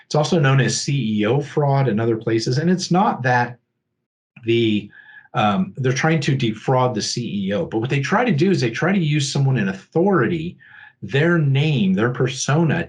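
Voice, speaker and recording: A man presenting a security awareness talk in a conversational, explanatory way, often checking in with his listeners. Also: mid-range voice. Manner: acts out scammer and victim lines in a livelier voice.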